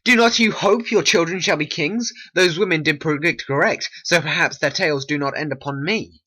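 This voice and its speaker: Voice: mid-range voice, normal speed, sharp tone. A hobby voice actor voicing a wary young nobleman in a homemade stop-motion play, with a raised, questioning delivery. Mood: doubting. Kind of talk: homemade animation voice acting.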